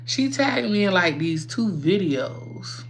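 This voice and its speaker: A woman's voice: mid-range voice, big pitch swings, slow pace, slight background noise. A woman hosting a casual livestream while doing her makeup, chatty and rambling, swearing freely and talking straight to her viewers. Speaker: livestream host.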